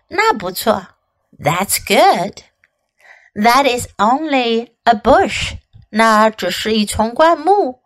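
A woman English teacher reading a picture book aloud in two languages and repeating sentences for practice, slow and expressive. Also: fairly high pitch. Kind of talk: bilingual storybook reading and lesson.

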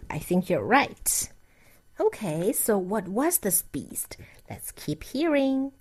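A woman reading a picture book aloud to a child, slow and expressive, stopping to coax the child with questions. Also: mid-range voice, soft background music.

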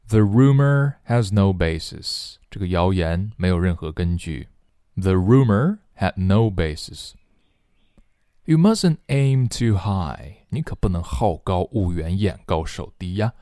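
A man teaching English phrases in a slow bilingual drill. He repeats each phrase and explains it in Chinese, acting out its feeling. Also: low-pitched, very animated, warm tone, no room sound, clean studio sound.

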